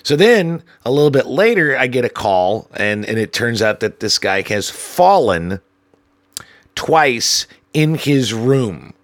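A man casually telling work stories from a hotel job, animated and profane, jumping his voice up when he acts out the people involved. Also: takes it slowly, no echo. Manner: animated, acts out dialogue with raised pitch, profane. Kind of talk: casual storytelling.

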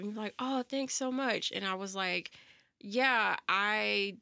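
Young woman, casual co-host, bright tone, lively anecdotes. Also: medium pitch, slow, gravelly, smooth, dry recording. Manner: animated storyteller, acts out quotes with laughter. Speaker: podcast co-host. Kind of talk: casual chat.

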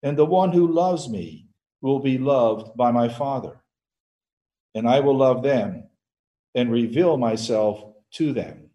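A man reading scripture aloud in a service, slow and solemn. His voice is dark and mellow, and every phrase is measured. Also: mid-range voice, lively intonation, lo-fi sound. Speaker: Gospel reader. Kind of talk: liturgical Gospel reading.

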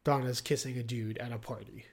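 A man's voice: mid-range voice, steady tone, a little fast. A man co-hosting a podcast, recapping a TV episode in a joking, offhand way with plenty of fillers. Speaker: podcast co-host. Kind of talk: casual chat recapping a TV episode.

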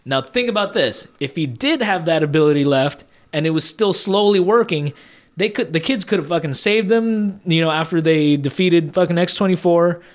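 A man's voice: on the high side, normal speed. A man co-hosting a casual movie review podcast, speaking in a laid-back, profane way full of fillers. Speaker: podcast co-host.

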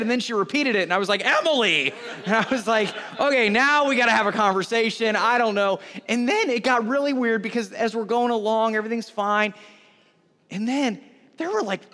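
A middle-aged pastor, telling a rambling story from the stage in a chatty way. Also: male voice, very high voice, brisk, a bit bright. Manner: chatty, rambling anecdotes with restarts. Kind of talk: conversational sermon storytelling. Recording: reverberant hall.

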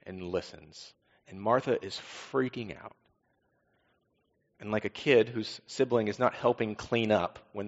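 Low-voiced pastor preaching in a hall. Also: male voice, dull audio. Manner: conversational preaching with rhetorical questions and repeated refrains. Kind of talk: sermon.

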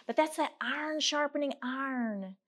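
A woman's voice: sits high, normal speed. A middle-aged woman giving a candid, earnest talk to a women's gathering, mixing personal stories with scripture readings. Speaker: women's ministry speaker. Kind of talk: conversational sermon with scripture reading.

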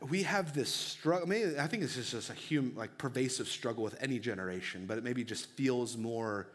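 A man's voice: medium pitch, moderate pace. A young man preaching a sermon as pastor, earnest and conversational, with casual fillers between points.

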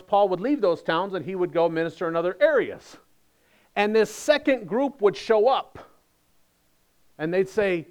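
A man pastor delivering a sermon with a slightly high-pitched voice. He talks in a conversational way, leans hard on his key points, and slips in wry humor. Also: a little mellow.

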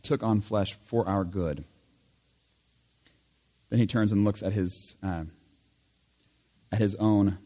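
Leading prayer and scripture reading at a church service, this pastor reads steadily and lifts his voice on the key lines. His voice sits low and mellow, echoing in the large sanctuary.

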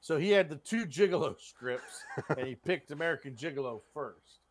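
A man's voice: on the high side, expressive, normal speed. A man co-hosting a podcast, rambling crudely about a film and retelling its scenes. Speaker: podcast co-host. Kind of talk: casual film chat.

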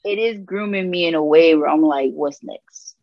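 A woman from Puerto Rico, a gospel rapper sharing her testimony as an interview guest, telling stories in lively slang and acting out the people she quotes. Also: low-pitched, moderate pace, no room sound, highs cut off. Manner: animated storytelling with slang and voiced quotes. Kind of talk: candid conversational testimony.

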